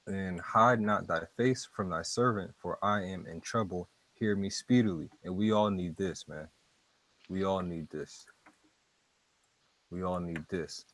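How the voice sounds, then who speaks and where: Slow, deep-voiced man teaching scripture. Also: fairly bright tone, no room sound, rough recording. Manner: slow, halting, repeats words and fillers. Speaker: street preacher teaching scripture. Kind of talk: casual Bible teaching, word by word.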